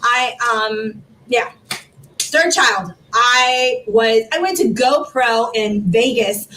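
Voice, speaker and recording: Animated high-voiced woman in her forties. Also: slow, far from the mic, a little hiss or hum, low-quality recording. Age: 40s. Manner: animated, laughing, rising into high exclaims. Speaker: guest, foundation founder. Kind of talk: emotional personal storytelling.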